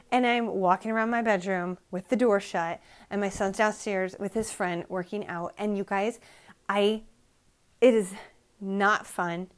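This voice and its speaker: A middle-aged woman hosting a solo motivational podcast from her bedroom, preaching with emphatic repetition and sounding emotionally drained. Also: mid-range voice. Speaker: podcast host.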